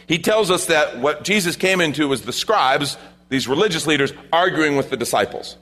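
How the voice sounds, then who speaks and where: A man's voice: on the high side, lively intonation, moderate pace, sharp tone. A male pastor preaching a sermon in a conversational way, with asides to the congregation.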